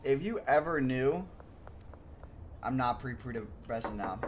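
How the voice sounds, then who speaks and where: Animated but unhurried, a young man with a mid-range voice rambles through childhood memories for his stream chat, saying "like" over and over. The casual live stream has a noisy background.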